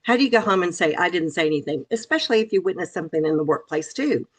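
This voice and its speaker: A woman's voice: lowish voice, expressive, fast. Earnest, emphatic woman author. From Memphis, Tennessee. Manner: earnest, emphatic, repeats phrases for stress. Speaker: author guest. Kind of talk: interview conversation.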